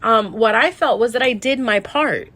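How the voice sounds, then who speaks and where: Speaking at a normal pace in a slightly high, fairly bright voice, a female tarot reader shares a casual monologue. She sounds sad and tearful, wandering off and starting sentences over.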